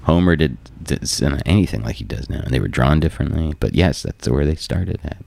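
A man's voice: a bass voice, expressive, a little fast, creaky, a little mellow. A man as a podcast guest in joking casual chat, playful and often laughing. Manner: playful, laughs often, goes along with bits. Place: podcast studio.

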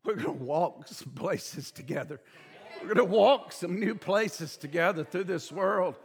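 A man voicing a joyful father welcoming home his lost son, with a booming, commanding and exuberant manner. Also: animated, measured pace, gravelly, exaggerated voice. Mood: tender.

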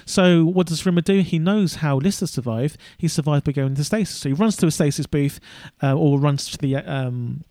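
A man's voice: fairly high pitch, brisk, hardly any pauses, mellow, no room sound. Rambling man co-hosting a podcast. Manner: rambling, many fillers and restarts. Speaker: podcast co-host. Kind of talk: casual podcast chat.

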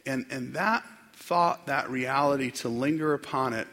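A man preaching a sermon in a church, reflective and unhurried, with frequent fillers and restarts. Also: mid-range voice, sharp tone. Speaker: pastor. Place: church sanctuary. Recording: long hall reverb.

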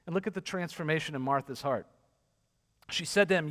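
A man's voice: fairly high pitch, fast talker, fairly bright tone. A man preaching a casual, conversational sermon, retelling a scripture story with lots of "like" and acted-out quotes. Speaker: pastor. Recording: long hall reverb.

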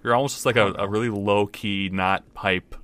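A man's voice: lowish voice, steady tone, moderate pace, a bit bright, clear, resonant tone. A man co-hosting a podcast in casual banter, with a dry, sarcastic manner and a lot of swearing. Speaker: podcast co-host.

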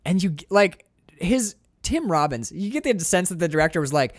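A man co-hosting a casual film podcast, animated and profane, slipping into goofy impressions. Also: sits high, normal speed, no room sound, clean studio sound. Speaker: podcast co-host.

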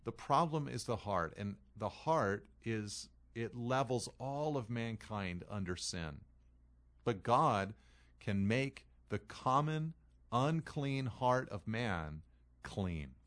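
A man's voice: lowish voice, a bit bright. A man preaching an expository sermon, reading scripture aloud and then explaining it in an earnest way, leaning hard on key phrases. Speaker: pastor.

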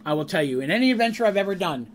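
A man, the game master, recounting a tabletop session in a casual, rambling, animated way. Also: high-pitched, very fast. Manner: animated, rambling, laughs at his own story.

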